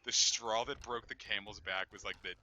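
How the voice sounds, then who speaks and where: A man's voice: lowish voice, steady tone, moderate pace, sharp tone, slight background noise. A man casually commenting while streaming a game, candid and rambling, with lots of fillers and swearing. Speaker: let's play streamer.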